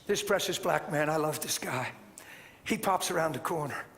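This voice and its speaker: A man preaching a sermon as a story, animated and rising to shouts. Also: a little high, moderate pace, vocal fry. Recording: long hall reverb, faint noise.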